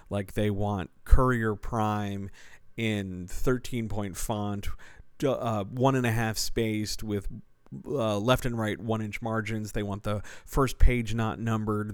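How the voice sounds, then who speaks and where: A man's voice: on the low side, clear, resonant tone, dry recording. A man who works as a writing coach and editor, answering listener questions in a casual podcast, talking things through with fillers and restarts. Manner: conversational, explanatory, with fillers and restarts.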